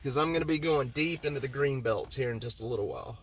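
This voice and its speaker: A man's voice: medium pitch, fast talker, slight background noise. A man hosting a livestream from inside a vehicle, talking heatedly in circles and repeating himself as he answers viewer comments. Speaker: livestream host.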